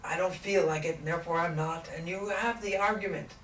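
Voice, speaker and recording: A woman in trance channeling a gentle, patient ancient male spiritual teacher, speaking slowly and deliberately with many rhetorical questions. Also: fairly low pitch, fairly even intonation, close to an everyday voice. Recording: echoey room, distant mic, faint noise.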